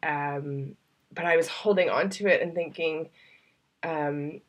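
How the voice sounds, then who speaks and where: A woman's voice: deep voice, normal speed. A woman vlogger telling a personal story to the camera, heartfelt and confiding, with loose rambling phrasing that sometimes sinks to a near-whisper. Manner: loose, rambling, with many fillers. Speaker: travel vlogger.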